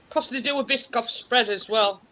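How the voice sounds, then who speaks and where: A man's voice: very high-pitched, heavy background noise. A man chatting casually and laughing often on a live stream. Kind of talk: casual chat.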